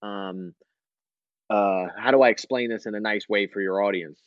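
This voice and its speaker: A man's voice: lowish voice, fairly even intonation, normal speed, dry recording, muffled recording. A man, a comedian and podcast co-host, telling a story in casual chat, acting out both sides and laughing often.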